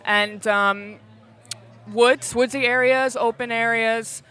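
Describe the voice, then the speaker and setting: Bright, clear-voiced young actress. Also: female voice, on the high side, steady tone. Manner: rambling, halting, laughs often. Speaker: actress in a short film. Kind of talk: casual red carpet interview. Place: outdoors at a premiere.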